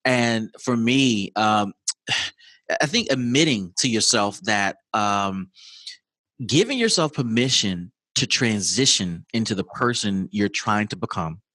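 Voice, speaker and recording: A man hosting a podcast, speaking in a measured way and summing up his guest's points. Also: lowish voice, expressive, bright, forceful tone, dry recording. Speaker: podcast host. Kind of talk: reflective interview talk.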